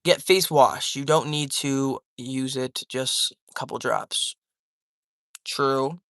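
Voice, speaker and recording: Young male streamer, laid-back rambling chatter, dry mic, mid pitch. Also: slow pace, a bit bright, no echo. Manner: loose, rambling, slangy, calls chat man, dude, bro. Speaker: livestreamer reading chat. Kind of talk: casual livestream chat. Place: at home with his cat.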